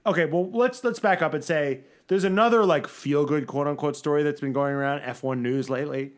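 A man co-hosting a casual podcast, his voice sitting a little higher than most. He rants with animated energy, swears freely and mocks people with quick put-on voices. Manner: animated, swearing, mocking impressions. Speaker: podcast co-host. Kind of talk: casual chat.

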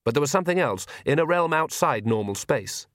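A man narrating a comic fantasy audiobook with a dry, even storytelling manner. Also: a little high, a little fast, no echo. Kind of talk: scripted narration.

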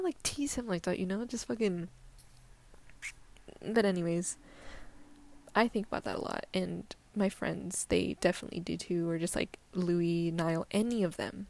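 Gravelly young woman rambling on her podcast. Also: on the low side, normal speed, a little mellow. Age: young adult. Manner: rambling, heavy swearing, lots of "like" fillers; drops into near-whispers often. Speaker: podcast host. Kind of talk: casual solo podcast chat.

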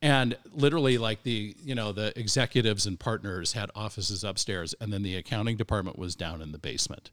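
A man's voice: on the low side, fairly quick, hardly any pauses, a bit bright, dry recording. A man from the area, a podcast guest telling a long anecdote in a chatty, rambling, self-amused way with many fillers. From Boston area, US. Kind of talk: casual anecdotal storytelling.

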